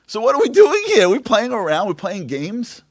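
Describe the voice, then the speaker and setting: Animated high-pitched man giving a talk. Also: brisk, dry recording, studio quality. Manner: animated, rhetorical questions, swings from loud to hushed. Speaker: speaker at a Tisha B'Av event. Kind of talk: impassioned inspirational talk. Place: event venue.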